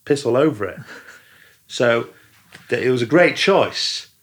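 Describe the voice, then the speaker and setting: A man's voice: mid-range voice, animated, a little slow. Rambling, stop-start man in casual chat. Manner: rambling, many restarts and fillers. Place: lives in a German-speaking country.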